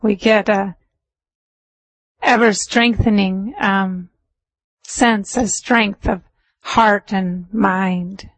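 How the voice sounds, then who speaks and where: Woman meditation teacher, dharma talk, chatty and laughing, mid-pitched, close and dry. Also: dry recording, poor audio. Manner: chatty storytelling with laughs, slowing to a calm measured close.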